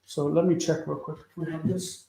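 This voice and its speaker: A man teaching a casual live Bible Hebrew lesson, thinking aloud with many fillers and reading verses slowly before explaining them. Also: on the high side, flat delivery, vocal fry, dark tone, a little hiss or hum, rough recording.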